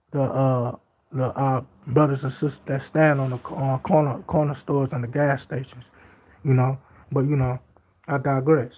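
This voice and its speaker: A man's voice: medium pitch, darkish tone. A man teaching from the Bible in an informal talk. He reads scripture aloud, then comments in loose everyday speech, often repeating himself for emphasis. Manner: repetitive and emphatic. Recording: slightly dull lo-fi audio.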